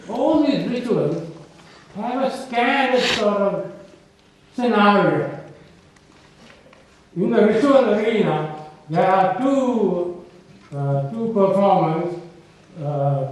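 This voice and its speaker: An older man giving an academic lecture in an auditorium. He talks in an unhurried, digressive way and often adds "you see". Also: high-pitched, lively intonation. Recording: echoey hall from a distant mic.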